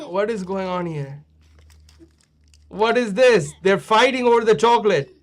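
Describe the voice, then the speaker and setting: Playful high-voiced host teasing kids. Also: male voice, measured pace. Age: middle-aged. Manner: playful teasing, mock-scolding. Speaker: host judging kids' videos. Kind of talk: casual chat.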